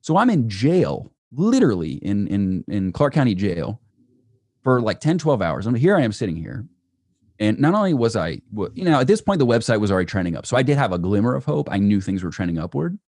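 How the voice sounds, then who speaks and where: Fast-talking low-voiced male storyteller. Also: husky, no room sound. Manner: animated storyteller, many "right?" asides. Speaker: entrepreneur guest. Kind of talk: storytelling in a podcast interview.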